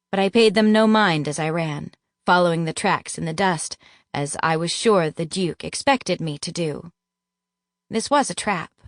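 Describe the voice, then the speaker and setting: Slow, measured woman audiobook narrator. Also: lowish voice, dry recording, studio quality. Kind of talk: first-person audiobook narration.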